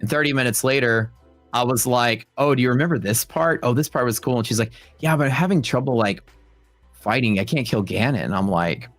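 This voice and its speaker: Speaking at a medium pitch and a brisk clip, this young man runs a trading livestream with soft music playing and no echo. He jokes with viewers in the chat and acts out stories using playful voices for the people he quotes.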